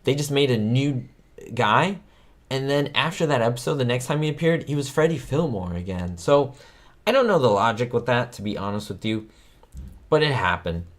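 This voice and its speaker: A man hosting a trivia livestream, his pitch leaping up and down as he rambles excitedly through sitcom facts. He talks straight to his viewers in a loose, chatty way over a streaming mic. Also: normal speed. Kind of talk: casual livestream chat.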